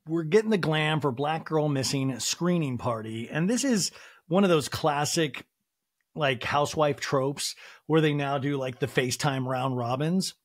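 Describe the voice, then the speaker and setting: A man hosting a podcast, recapping a reality show in an animated, gossipy way and acting out the cast. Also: on the high side, unhurried, dry recording, clean studio sound. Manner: animated, gossipy, does impressions. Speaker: podcast host.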